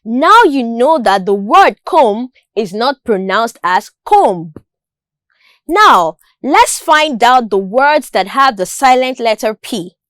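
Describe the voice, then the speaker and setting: Brief: woman, teacher, slow deliberate drills, bright lively pitch, dry close mic. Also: no room sound. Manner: slow, carefully enunciated drills. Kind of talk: school lesson narration.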